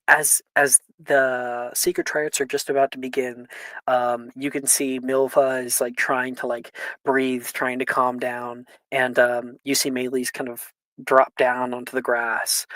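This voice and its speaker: A young man running a tabletop game, narrating the action loosely with lots of fillers and shouted sound effects. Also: medium pitch, level tone, measured pace, dry recording. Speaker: game master.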